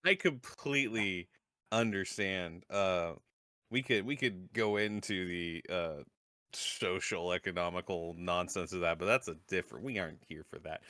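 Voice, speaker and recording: A man's voice: sits low, normal speed, pushed and bright, dry recording, studio quality. A man co-hosting a casual podcast, talking in a hesitant, stammering way as he sympathizes and muses. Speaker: podcast co-host.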